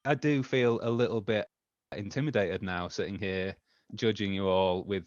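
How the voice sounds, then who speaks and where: A man hosting a comedy panel podcast, reading scripted links in a wry, deadpan way. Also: on the low side, moderate pace, no echo, lo-fi sound. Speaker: host.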